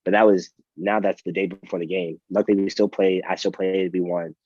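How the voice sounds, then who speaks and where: A young man, a college athlete, telling stories in a relaxed, rambling way with many fillers and restarts. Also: sits low, brisk, husky, dry recording, highs cut off. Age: young adult. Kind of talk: casual storytelling interview.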